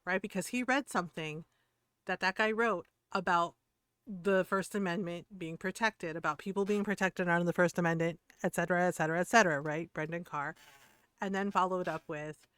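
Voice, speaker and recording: A woman's voice: fairly low pitch, brisk, fairly bright tone, clean tone, no echo. A woman streamer from the United States in a heated, profane rant, laughing between points. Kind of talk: casual ranting chat.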